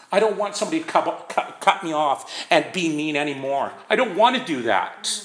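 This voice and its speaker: A man's voice: on the high side, sing-song, normal speed, fairly bright tone. A man giving an informal talk on working the recovery steps, speaking conversationally and checking in with his listeners with a frequent "right?". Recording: echoey room.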